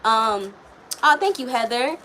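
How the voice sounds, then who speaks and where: A woman's voice: fairly high pitch, animated, measured pace, bright, forceful tone, a little hiss or hum. A woman giving a casual live tarot reading, talking frankly and chattily to a viewer, with plenty of swearing. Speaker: tarot reader.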